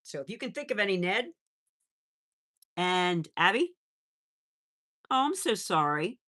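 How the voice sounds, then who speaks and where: A middle-aged woman with a mid-range, sing-song voice speaks unhurriedly while hosting a pet livestream. Reading the chat aloud, she chats casually and coos warmly to her animals.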